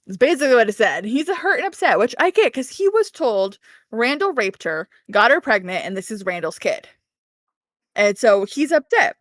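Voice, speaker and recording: A woman's voice: fairly high pitch, lively intonation, normal speed, no room sound, studio quality. A woman co-hosting a book podcast, casually recapping chapters, laughing often and acting out characters' lines. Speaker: podcast co-host.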